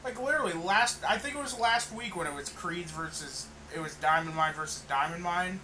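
A man's voice: sits high, a little fast, sharp tone, slight background noise, rough recording. A man co-hosting a casual wrestling podcast, rambling, swearing and correcting himself mid-sentence. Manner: rambling, profane, self-correcting. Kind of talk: casual chat.

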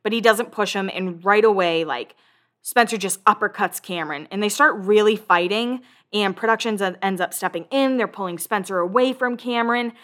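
A woman's voice: medium pitch, normal speed, fairly bright tone. A woman hosting a podcast, chatting casually and acting out quotes as she recaps a reality show. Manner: chatty, swearing, acts out quotes. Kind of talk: casual chat.

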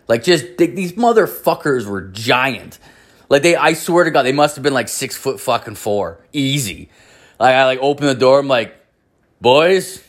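A young man in a casual, rambling monologue, cursing heavily as he tells a story to friends. His voice sits at an ordinary middle pitch. The talk is crude, loose and unpolished. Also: a bit bright. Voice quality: crude, heavy swearing, rambling. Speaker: podcast host telling a story.

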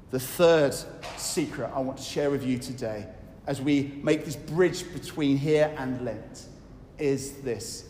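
Male preacher, sermon delivery, earnest and halting, church hall echo. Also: fairly high pitch, darkish tone. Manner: earnest, with fillers and restarts, slowing on scripture lines. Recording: echoey hall with faint noise.

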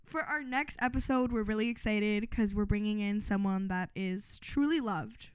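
A woman in her twenties co-hosting a podcast, telling a story in a casual, animated way, swearing freely and saying "like" a lot. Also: medium pitch, normal speed, clean tone, no echo. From Los Angeles. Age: 20s. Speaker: podcast co-host.

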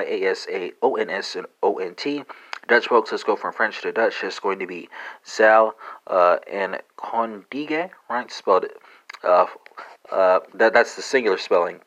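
A man's voice: low-pitched, moderate pace, fairly bright tone, dull audio. A man hosting a language-learning podcast, spelling conjugations letter by letter with frequent "uh" and a questioning "right?".

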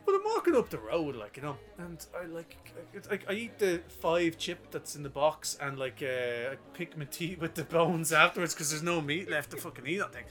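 A man's voice: on the high side, lively intonation, moderate pace, hardly any pauses, bright, forceful tone, soft background music. A young man telling a story in casual chat, profane and laughing as he goes.

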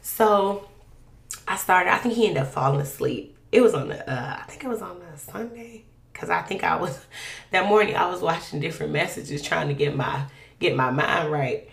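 A woman telling a personal faith testimony in a conversational, animated, colloquial way. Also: lowish voice, moderate pace, creaky, echoey room. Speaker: podcast guest sharing a testimony.

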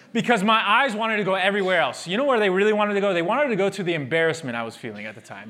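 Animated storytelling preacher man. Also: sits high, racing, hardly any pauses. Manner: animated storytelling that drops to a soft, hushed prayer. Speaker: pastor. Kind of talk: sermon.

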